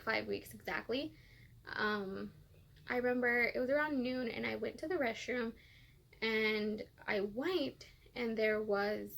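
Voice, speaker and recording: A woman's voice: on the high side, creaky, a bit bright. A woman vlogger telling a personal story in a rambling way with many fillers, close to tears. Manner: rambling, filler-heavy, emotional. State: tearful, close to crying.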